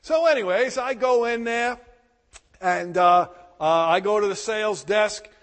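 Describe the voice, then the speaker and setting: Man, preacher, high voice, slow deliberate pace, emphatic storytelling, long hall reverb. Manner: emphatic, animated storyteller, bursts of loud emphasis. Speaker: pastor. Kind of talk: sermon with personal storytelling.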